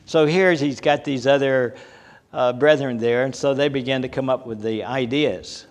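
A man's voice: mid-range voice, moderate pace. Older male preacher, folksy storyteller, chuckles between anecdotes, hall reverb. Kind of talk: folksy sermon with personal stories.

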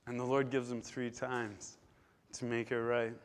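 Male preacher, sermon, emphatic, loud stresses and hushed drops. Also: medium pitch, flat delivery, a little slow.

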